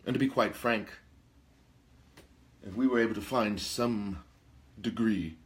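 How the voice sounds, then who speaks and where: A man's voice: lowish voice, unhurried, natural voice. A man playing a pompous vampire lord. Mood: solemn. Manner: grandiloquent, dramatic emphasis, gossipy asides. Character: pompous aristocratic male vampire lord, theatrical gossip. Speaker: talk show host. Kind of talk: in-character role-play talk show.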